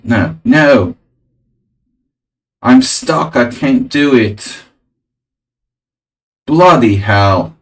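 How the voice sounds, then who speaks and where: A man's voice: mid-range voice, animated, very slow, long pauses, far from the mic, low-quality recording. A man streaming chess, thinking aloud over his moves with dry, jokey asides. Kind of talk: live-stream chess commentary.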